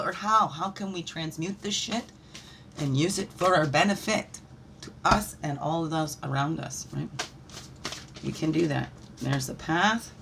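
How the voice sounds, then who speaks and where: A woman leading a daily spiritual reflection while pulling oracle cards, animated and encouraging, with playful asides. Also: low voice, moderate pace, creaky, slight background noise. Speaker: spiritual guide.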